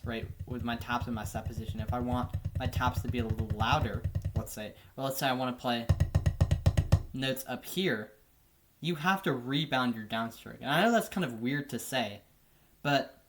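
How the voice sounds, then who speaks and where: A man teaching drum technique in a relaxed, casual way, often checking in with "right?". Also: mid-range voice, noisy background. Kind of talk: casual instructional explanation.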